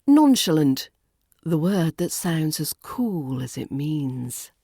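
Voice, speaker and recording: Brief: British RP woman, accent coach, low-pitched and unhurried, crisp playful delivery. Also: warm tone, dry recording, studio quality. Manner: slow, deliberate, playful enunciation. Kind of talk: pronunciation lesson.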